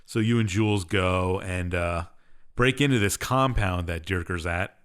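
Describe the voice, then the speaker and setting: A man's voice: low voice, unhurried, clean tone. A young man co-hosting a podcast, casually recapping a game's story in a rambling, offhand and sarcastic way. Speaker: podcast co-host. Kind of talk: casual chat.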